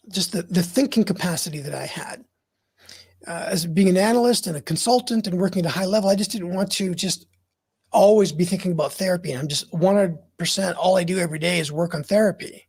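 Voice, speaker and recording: Very raspy, gravelly man speaking frankly. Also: high voice, darkish tone. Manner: frank, earnest storytelling. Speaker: guest. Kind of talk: candid interview talk.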